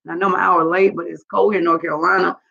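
A woman's voice: fairly low pitch, level tone, rapid-fire, creaky, a bit bright. A woman hosting a casual live stream, rambling and gossiping with lots of profanity. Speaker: channel host. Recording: muffled lo-fi recording.

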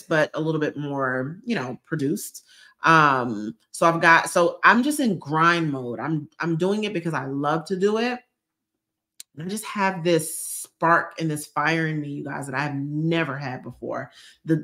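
A woman in her thirties with a drawl chats on a live stream, bubbly and full of slang as she answers viewer comments. Her voice sits a bit low for a woman. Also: a bit bright. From Georgia, US. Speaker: lifestyle YouTuber hosting a live stream.

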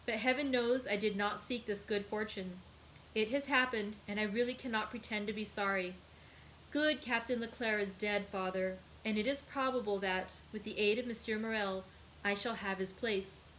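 A woman reading aloud, voicing an earnest, devoted young male sailor with lively emphasis. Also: mid-range voice, moderate pace, slight background noise, close to an everyday voice, poor audio. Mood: joyful.

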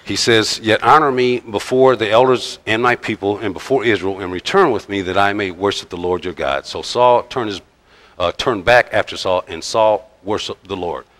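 A male pastor preaching a sermon in a conversational, halting way, with frequent pauses and restarts. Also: on the low side, fairly bright tone. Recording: long reverb of a large church hall.

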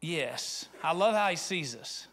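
A man's voice: a little high, animated, a little slow, fairly bright tone. A middle-aged man from rural Arkansas, preaching a conversational sermon that rises into fervent appeals. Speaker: pastor.

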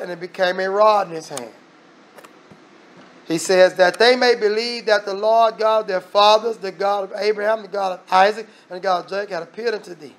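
A man with a fairly high voice preaches a sermon. He hammers points home with repetition, reads scripture aloud, and breaks off with pointed asides. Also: steady tone, fairly quick.

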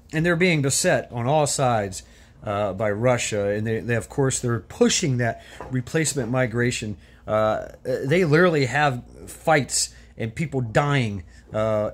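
A man from the United States ranting off the cuff as a vlogger, blunt and profane, with many stammered restarts. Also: medium pitch. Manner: rambling, full of restarts and stammered repeats. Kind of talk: off-the-cuff political rant.

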